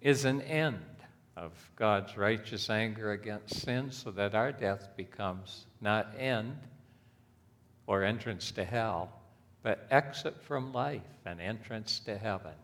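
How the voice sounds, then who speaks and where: Slow, deliberate preacher in a reverberant church. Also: male voice, lowish voice, a bit bright. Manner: slow, deliberate preaching that rises sharply when reading scripture aloud. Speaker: pastor. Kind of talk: sermon. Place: church sanctuary.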